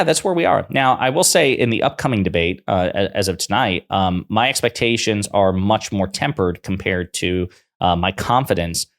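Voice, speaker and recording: A man, a political commentator, talking through his opinions in a conversational way with fillers and restarts. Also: sits low.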